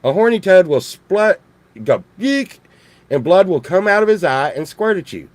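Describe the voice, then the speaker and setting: A man's voice: high-pitched, animated, a little fast, no room sound. A man from Texas, rambling jokily in a casual monologue full of restarts and swearing. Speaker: vlogger.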